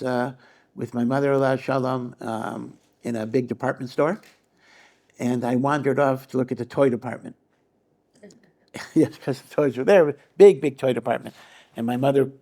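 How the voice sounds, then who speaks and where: Gravelly-voiced rabbi teaching a lively class. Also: male voice, on the high side. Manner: animated, repeats phrases, acts out quoted voices. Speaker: rabbi giving a Torah class. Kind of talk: conversational Torah lecture.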